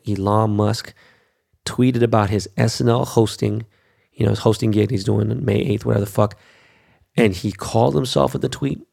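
A brash young man rants through his show's monologue, cursing at every turn. His voice is gravelly and crackles with fry, sitting at an ordinary male pitch. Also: darkish tone. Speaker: show host. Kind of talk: profane ranting monologue.

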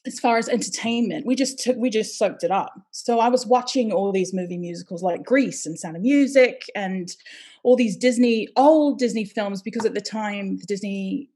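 A woman from Hawaii talking as a podcast guest, chatty and animated and laughing often. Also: mid-range voice, moderate pace. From Hawaii, United States. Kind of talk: casual interview chat.

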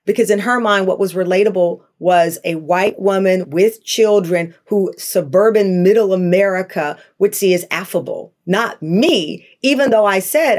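A middle-aged woman speaking candidly as an interview guest, telling animated stories and acting out the voices she quotes. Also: medium pitch. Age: 40s to 50s. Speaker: talk show host, guest.

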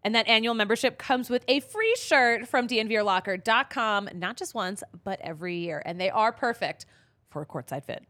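A young adult woman co-hosting a casual sports podcast, chatty and quick to laugh, sliding into an upbeat ad read. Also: fairly high pitch, expressive, sharp tone. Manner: bubbly, laughs often. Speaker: podcast co-host.

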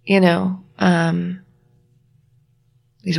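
A woman with a lowish, gravelly voice tells a personal story as an interview guest. She is reflective and halting, restarting her sentences and acting out bits of dialogue. Her tone stays low and textured throughout. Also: steady tone. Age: adult, married with a child. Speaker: guest author.

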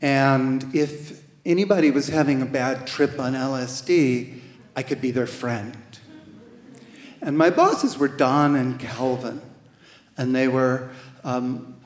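A man at a middle pitch telling a true story live, gently and wryly, stumbling over a word now and then. He takes his time with every phrase. His voice rings with a long reverb off a large hall. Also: fairly even intonation. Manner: slow, gentle and wry, with hesitant restarts. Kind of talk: live first-person storytelling on stage.

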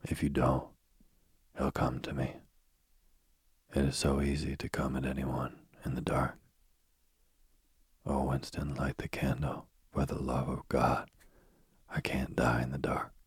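A man reading a sleep story in a hushed whisper, voicing a terrified man who pleads and repeats himself in the dark. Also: extremely low pitch, monotone, measured pace, long pauses, husky, no room sound, clean studio sound, full character voice.

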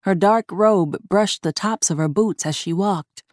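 A woman narrating a horror short story in a measured, deliberate reading. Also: medium pitch, a little mellow, no room sound, studio quality.

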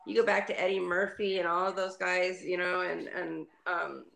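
Gravelly-voiced woman calling in. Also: fairly low pitch, level tone, normal speed, a bit bright. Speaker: caller. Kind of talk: calling in with questions.

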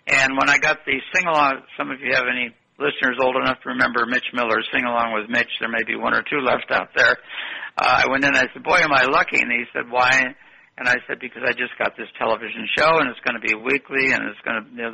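A man's voice: medium pitch, vocal fry, bright, forceful tone, husky, dull audio. An older man telling long, rambling stories in an interview and correcting himself as he goes. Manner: rambling, anecdotal, self-correcting. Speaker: guest. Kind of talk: interview storytelling.

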